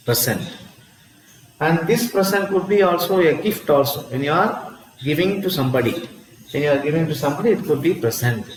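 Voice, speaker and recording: A man, teaching a lesson in a slow, repetitive way and often asking "see?" and "huh?". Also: fairly high pitch. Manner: slow, repeats each word, asks "see?" and "huh?". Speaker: English teacher. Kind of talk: classroom lesson. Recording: echoey room with long reverb.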